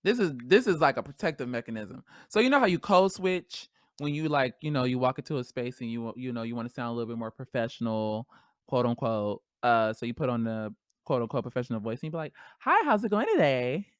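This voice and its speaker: A woman hosting a podcast solo, talking in a casual, animated, slangy way and laughing often. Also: a bass voice, fast talker, no echo, studio quality. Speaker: podcast host.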